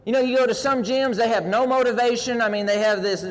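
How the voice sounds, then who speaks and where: A man preaching a sermon with passion, folksy stories and rising, near-shouted prayers. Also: very high voice, fast talker, long reverb tail, rough recording. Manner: folksy, uses roping and gym stories.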